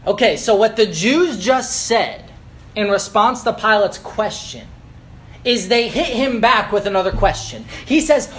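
A man preaching a sermon, earnest and explanatory, slowing down to stress key phrases and building emphasis. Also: sits high, a bit bright, a little hiss or hum.

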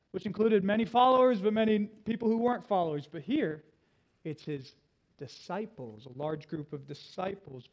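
A man's voice: sits high, poor audio. A man preaching a sermon to a congregation, teaching verse by verse and laying out a plain outline. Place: room with a congregation.

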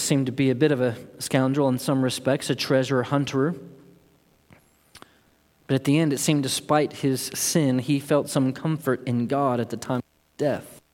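A man's voice: mid-range voice, darkish tone. A man preaching a sermon as pastor, earnest and building to impassioned emphasis. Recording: long hall reverb.

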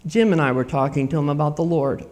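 High-voiced earnest male preacher. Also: fast talker. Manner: earnest, repetitive preaching with dramatic swings in loudness. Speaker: pastor. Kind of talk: sermon.

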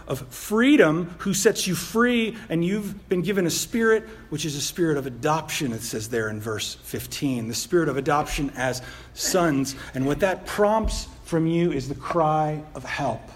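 A man delivers a sermon with a slightly higher-pitched voice. He keeps it conversational and animated, tossing rhetorical questions to the listeners. He likes a bit of self-deprecating humor. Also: measured pace. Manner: conversational, animated preaching with frequent rhetorical "right?". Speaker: pastor.

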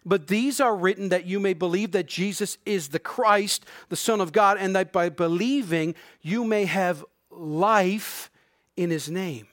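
A middle-aged male pastor preaching a sermon, swinging between loud emphatic declarations and hushed, slow pleading, and slowing right down on scripture quotes. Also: high voice, no echo, studio quality.

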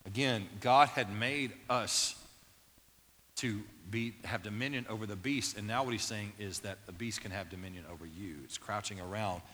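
A man delivers a sermon from the pulpit, talking directly and conversationally to his listeners. His voice is very bright and forward. It carries a long reverb tail from a large hall. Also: fairly low pitch, normal speed, a little hiss or hum. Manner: animated, playful asides early, turning quiet and earnest. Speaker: pastor.

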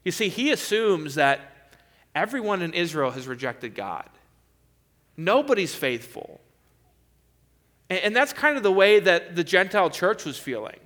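Male preacher, bright tone, emphatic expository sermon delivery. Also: sits high, big pitch swings, a little slow, pauses often.

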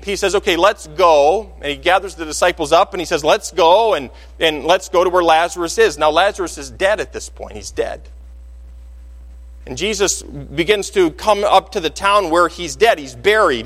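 A man preaching a sermon in a church sanctuary, his voice sitting high for a man. He tells the story with animation and acts out the voices he quotes. A long reverb from the hall hangs behind every phrase. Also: fairly bright tone. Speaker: pastor.

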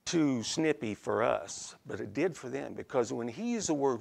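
A man's voice: mid-range voice, lively intonation, normal speed, creaky, breathy edge. A man preaching an expository sermon in a folksy, conversational way, often checking in with his listeners. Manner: folksy, conversational, frequent "okay?" check-ins.

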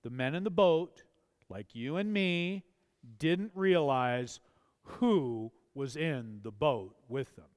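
A man's voice: a little high, lively intonation, slow, darkish tone, in a large hall. A man preaching a sermon as a pastor, speaking with impassioned emphasis in a church. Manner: impassioned, rising to emphatic pleas.

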